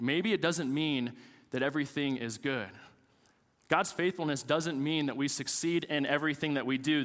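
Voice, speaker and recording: A man's voice: medium pitch, a bit bright, in a large hall. A man in his thirties, a pastor preaching a sermon with casual, joking stories about family life.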